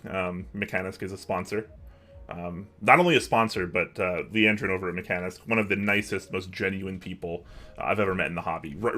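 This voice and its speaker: A young man hosts a casual livestream from his home office, chatting and answering viewer messages. His low-pitched voice sounds pushed and bright.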